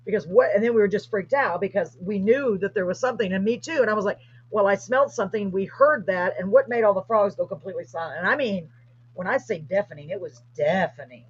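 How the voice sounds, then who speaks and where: This host has a husky, medium-pitched voice and talks quickly. She is excitedly retelling a story in a casual chat, and the livestream audio is dull and lo-fi.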